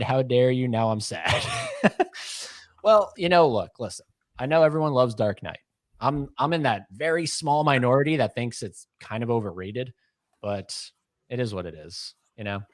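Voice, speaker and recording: A man's voice: mid-range voice, moderate pace, no room sound. Joking livestream co-host man, dry mic. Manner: joking, rambling, teasing. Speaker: podcast co-host. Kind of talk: casual livestream chat reading comments.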